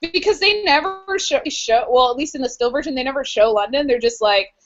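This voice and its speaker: A woman's voice: high-pitched, brisk, lo-fi sound, over music. A young woman co-hosting a podcast in a casual, chatty, giggly way. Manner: chatty and giggly, full of fillers. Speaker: podcast co-host. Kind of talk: casual chat.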